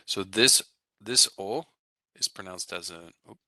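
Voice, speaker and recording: A man teaching a Russian language class in a relaxed, explanatory way, often checking in with "right?" and "okay?". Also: low voice, measured pace, dry recording. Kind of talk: recorded classroom lecture.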